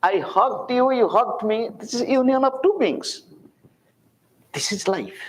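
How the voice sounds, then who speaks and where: High-voiced Indian man in his sixties. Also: lively intonation, slight background noise, rough recording. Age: 60s. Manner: deliberate, repetitive phrasing with rhetorical questions. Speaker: spiritual teacher. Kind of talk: public spiritual talk.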